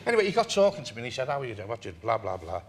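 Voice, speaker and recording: An older man from England, a talk-show guest telling a long story in an animated way and laughing through it. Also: mid-range voice, rapid-fire, creaky, background noise. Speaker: interview guest. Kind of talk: anecdotal storytelling.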